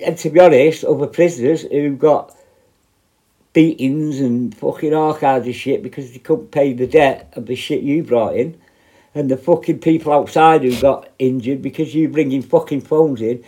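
A man's voice: a little high, moderate pace, dark tone. A middle-aged man, a former prison officer, ranting bluntly and confrontationally straight to camera, full of swearing. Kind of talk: angry direct-to-camera rant.

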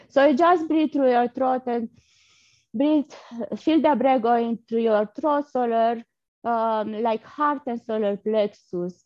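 A woman leading a guided energy healing session, speaking softly and haltingly with breathy blowing sounds between phrases. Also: a little high, no echo. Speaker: energy healer guest. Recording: dull lo-fi sound.

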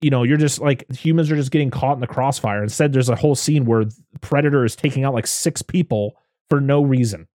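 A man's voice: medium pitch, a little fast, dark tone, dry recording, clean studio sound. A man hosting a podcast, chatting casually about a film, rambling and laughing often. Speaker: podcast host. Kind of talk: casual film review chat.

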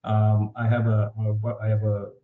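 Animated storytelling man, echoey room. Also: lowish voice, normal speed, phone-quality sound. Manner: animated, says "like" often, incredulous. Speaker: author guest. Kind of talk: casual storytelling interview. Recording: roomy echo.

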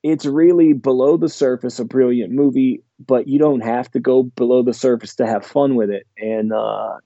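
Mellow-voiced man rambling about horror films. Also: medium pitch, fairly even intonation, normal speed, no room sound, highs cut off. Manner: rambling, enthusiastic, many restarts and fillers. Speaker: podcast host.

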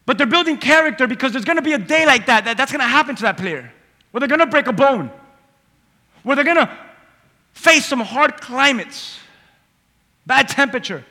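A man preaches a sermon in a church with a long reverberating hall sound around him. His voice sits high and bright, and he swings from forceful emphasis to quiet asides, slipping into little character voices as he tells a story. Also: expressive, moderate pace, long pauses. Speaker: pastor. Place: church sanctuary. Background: congregation.

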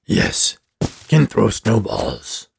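A man voicing a slow, simple-minded living snowman with a deep, gravelly voice and halting speech. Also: huge pitch swings, background noise, heavily acted. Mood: growling.

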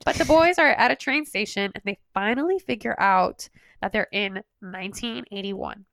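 A woman co-hosting a casual fan podcast, animated and sarcastic, laughing often as she recaps. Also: mid-range voice, moderate pace, gravelly, dry recording. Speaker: podcast co-host.

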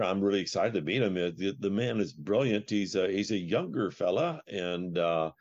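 Man, podcast co-host, low voice, halting, lots of ums and uhs. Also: a little mellow, highs cut off. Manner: halting, with many fillers. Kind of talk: casual podcast chat.

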